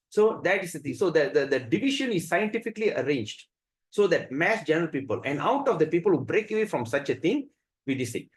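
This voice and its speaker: A man teaching a devotional scripture class, telling stories in an animated way, acting out the voices and often restarting his sentences. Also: on the high side, low-quality recording. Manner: animated storyteller who acts out the voices, with frequent restarts. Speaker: spiritual teacher.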